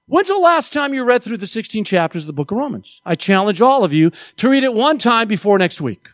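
A man preaching a sermon as pastor, animated and playful, acting out little quoted voices. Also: sits high, fairly quick, dry recording.

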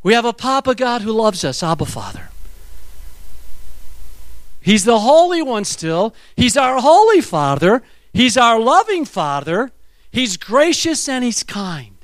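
A middle-aged male pastor preaching a sermon, animated and acting out little scenes as he talks. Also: high voice, no room sound. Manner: animated, acts out voices and quotes.

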